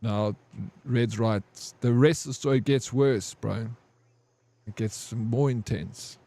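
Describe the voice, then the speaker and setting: A man chatting casually while he plays a game, wandering through a long story and dropping curses and "bro" at every turn. His voice is mellow and dark, and it sounds dry and close with no room echo. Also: medium pitch, slow pace. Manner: rambling, profane, says "bro" a lot. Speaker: game streamer. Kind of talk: casual storytelling over gameplay.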